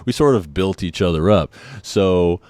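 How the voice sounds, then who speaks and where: A man's voice: deep voice, unhurried, darkish tone, clear, resonant tone, dry recording. A man telling personal stories in a laid-back, rambling way, often saying "man" and "I mean". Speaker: vlogger. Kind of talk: casual storytelling.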